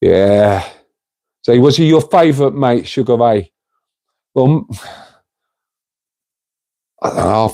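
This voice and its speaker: A man's voice: medium pitch, expressive, slow, long pauses, dark tone, no room sound. A middle-aged man hosting a casual livestream, rambling and chatty as he reads out viewers' comments and calls them mate. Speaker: livestream host reading chat.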